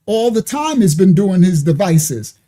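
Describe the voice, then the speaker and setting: Man commentator, warm, dark tone, preachy but casual, lots of "you understand?". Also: high-pitched, big pitch swings, measured pace. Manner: preachy, conversational, with frequent asides and checks like "you understand?". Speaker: online ministry commentator. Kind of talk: commentary reacting to played clips.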